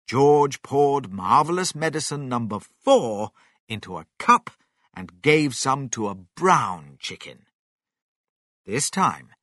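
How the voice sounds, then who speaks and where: Brief: male storyteller, slow and animated, bright close-miked dry read. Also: medium pitch, no echo. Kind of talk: children's story reading.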